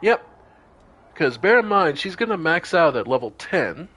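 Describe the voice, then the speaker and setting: A man's voice: a little high, very animated, unhurried, pushed and bright. A man streaming a role-playing game, thinking aloud with casual commentary and some swearing.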